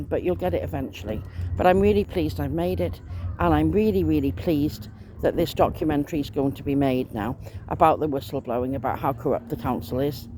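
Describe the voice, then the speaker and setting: A vlogger with a mellow, lowish female voice rambles through a loose monologue. She sounds aggrieved and swears mildly along the way, with faint noise in the background.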